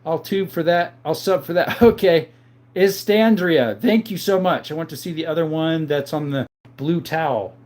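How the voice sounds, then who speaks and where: Higher-voiced man hosting a casual live chat. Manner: relaxed, reads chat names aloud and chats back; calls viewers brother. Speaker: livestream host answering viewer chat. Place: home, in front of a counter.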